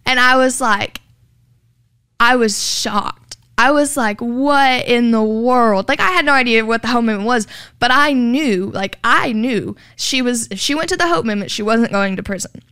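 Earnest woman, gravelly smooth voice. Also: on the high side, normal speed, sharp tone, dry recording, studio quality. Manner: earnest, heavy use of "like", acts out quoted dialogue. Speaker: interviewee sharing her story. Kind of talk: personal testimony.

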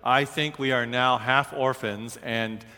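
A man voicing a gloomy young boy with a flat, deadpan, doom-laden manner. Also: medium pitch, slow. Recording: long hall reverb.

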